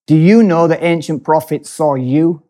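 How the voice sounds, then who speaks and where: A man's voice: a little high, normal speed, warm tone, natural voice. A man imitating a male church apostle who preaches in an earnest, pleading way with a quiver in his voice. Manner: earnest, pleading sermon delivery.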